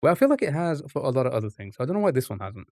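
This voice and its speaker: A man streaming live, thinking aloud over a word puzzle with frequent pauses and restarts. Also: mid-range voice, big pitch swings, a little mellow, no echo, clean studio sound. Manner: halting, restarts often, muses aloud.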